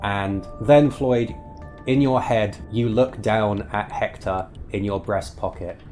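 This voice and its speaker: A man acting as game master, narrating a tabletop game slowly with many fillers and pauses. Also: fairly low pitch, fairly even intonation, darkish tone, faint music behind. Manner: slow descriptive narration with fillers.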